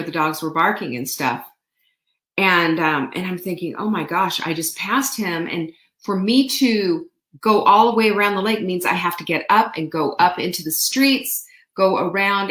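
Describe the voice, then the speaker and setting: A woman hosting a show, telling a story in a chatty, animated way with playful asides. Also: lowish voice. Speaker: show host. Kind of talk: casual storytelling monologue. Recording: roomy echo.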